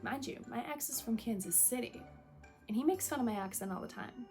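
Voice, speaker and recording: A woman's voice: on the high side, fairly quick, soft background music. A young woman from Michigan with a Michigan accent, talking casually to camera in a chatty, swearing vlog style. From Michigan, USA. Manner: chatty, swearing, animated quoted voices, dramatic whispers. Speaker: vlogger.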